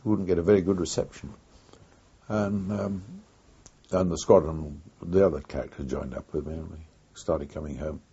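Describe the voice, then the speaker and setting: An older man tells his story in an oral history interview, pausing often and recalling events in an unhurried way. His voice is deep, dark and mellow, and very husky. The recording is dull and lo-fi. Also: steady tone. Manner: unhurried, reflective storytelling with frequent pauses. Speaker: former wartime pilot interviewee.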